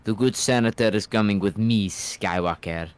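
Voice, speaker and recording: A man's voice: on the low side, normal speed, clean tone, lightly acted. A man reading a menacing male villain's lines from a comic, taunting a young Jedi.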